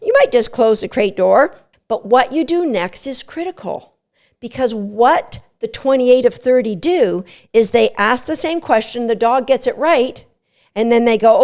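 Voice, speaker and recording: Woman, dog trainer, podcast host, emphatic coaching delivery, somewhat high voice. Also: lively intonation, a little mellow. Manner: emphatic, coaching tone with quick asides. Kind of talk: instructional podcast talk.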